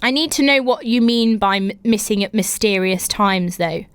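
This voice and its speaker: A woman's voice: mid-range voice, normal speed, clean tone, no room sound. A woman hosting a podcast, reading listener stories aloud and reacting with giggly laughter and incredulous exclamations. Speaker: podcast host.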